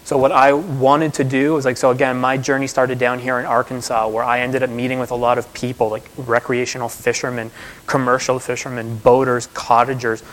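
A man's voice: mid-range voice, little pitch movement, brisk, fairly bright tone, low-quality recording. A man from Toronto, an author giving a conversational presentation with slides, full of asides and fillers. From Toronto, Canada.

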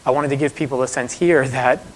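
Guy from toronto giving a chatty author talk, mid pitch, lots of ums. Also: fairly even intonation, a little fast, slight background noise, rough recording. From Toronto, Canada. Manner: conversational, with fillers and asides. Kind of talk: presentation with slides.

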